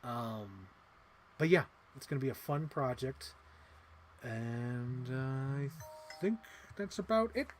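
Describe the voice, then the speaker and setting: Excitable man rambling on a livestream. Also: medium pitch, slow pace, pauses often, faint music behind. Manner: excitable, rambling and swearing casually. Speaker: livestream host. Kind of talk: casual livestream chat.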